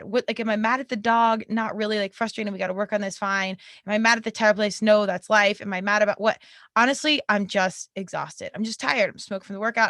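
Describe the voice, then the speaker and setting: A woman's voice: medium pitch, vocal fry, pushed and bright, dry recording, clean studio sound. A young adult woman hosting her own podcast, talking candidly and conversationally, with a laugh slipping in now and then. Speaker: podcast host. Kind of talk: personal podcast monologue. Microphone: podcast mic.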